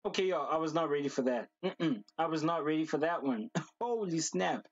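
A man hosting a reaction video, talking casually and excitedly, gushing and repeating slang fillers. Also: a little high, fairly quick, dry recording, lo-fi sound.

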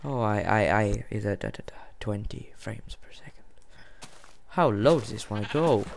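A man giving casual gameplay commentary, excitable and jumpy, rambling and yelping as he plays. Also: lowish voice, normal speed, gravelly, slight background noise. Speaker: let's play gamer.

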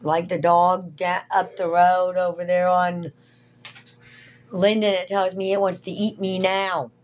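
A woman's voice: on the low side, level tone, a little slow, slight background noise. A woman, the host's mother, chatting casually in a dry, matter-of-fact way. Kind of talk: casual family chat.

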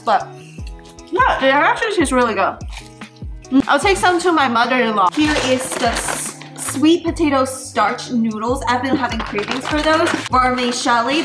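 In her home kitchen, a young woman vlogger chats enthusiastically about her grocery haul while she cooks. Her voice is slightly high, she piles up words for emphasis, and music plays clearly underneath.

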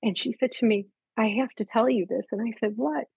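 A woman's voice: a little high, a little fast, gravelly, mellow, slightly rough, dry recording, low-quality recording. An older woman, a guest animal communicator, telling personal stories in casual chat and acting out the voices she quotes.

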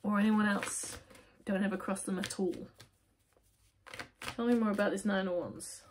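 A woman's voice: mid-range voice, steady tone, moderate pace, a little hiss or hum. A woman giving a casual tarot reading to camera, talking straight to the viewer and asking and answering her own questions. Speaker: tarot reader.

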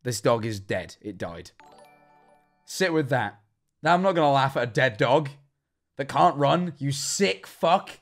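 A man's voice: mid-range voice, expressive, unhurried, pauses often, faint music behind. A man in his twenties chatting on a livestream, telling self-deprecating stories and stumbling over his words. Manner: stammering, self-deprecating storyteller. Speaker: streamer. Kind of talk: livestream reaction chat.

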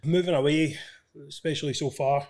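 A man's voice: fairly high pitch, steady tone, moderate pace, a little mellow. A man hosting a podcast, chatting casually in a jokey, matey way. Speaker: podcast host. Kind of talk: casual interview chat.

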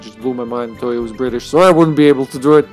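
A man's voice: mid-range voice, fast, darkish tone, faint music behind. A man streaming a video game live, chatting casually in a rambling way and chuckling often between thoughts. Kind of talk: casual live-stream chat while playing.

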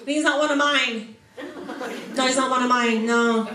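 A woman's voice: sits high, fairly even intonation, unhurried. A woman stand-up comedian doing a set on a comedy club stage, brash and profane as she teases the crowd. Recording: echoey club with background noise.

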